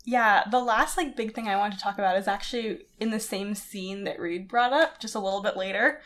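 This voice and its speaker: A woman's voice: medium pitch, fairly quick, fairly bright tone. A woman co-hosting a podcast, chatting casually and animatedly about a story, laughing often and using lots of filler words. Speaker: podcast co-host.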